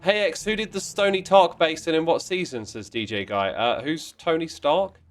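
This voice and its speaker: On his livestream of a block-building game, a man casually reads viewer messages in a playful, mock-indignant tone with sudden exclamations. His voice is on the high side, his pace moderate, and soft music plays in the background.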